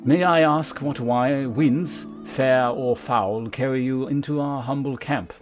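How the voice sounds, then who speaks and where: A man's voice: mid-range voice, slow, soft background music, close to an everyday voice. A man voicing a proud male knight leader, reading formal game dialogue aloud. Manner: formal, old-fashioned speech read aloud.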